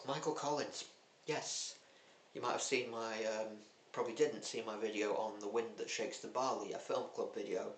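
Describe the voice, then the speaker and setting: This is a man reviewing the month's films in loose, casual chat. He is blunt and cheeky, and his voice sits at a middling pitch. The room is echoey, with a faint hum in the background. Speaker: film vlogger.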